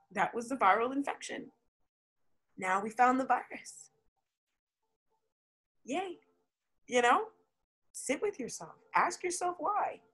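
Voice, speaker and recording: A woman with a slightly high, husky voice gives a casual tarot reading straight to camera. She is chatty and excitable, laughs often and talks in slang. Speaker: tarot reader.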